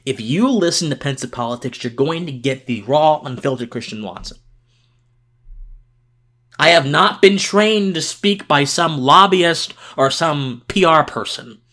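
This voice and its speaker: A man's voice: fairly high pitch, animated, unhurried, sharp tone. Tired guy ranting about politics on his podcast, voice swinging up and down a lot, stumbles and repeats himself when fired up. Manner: passionate, emphatic, with restarts and repeated words. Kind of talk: political commentary monologue.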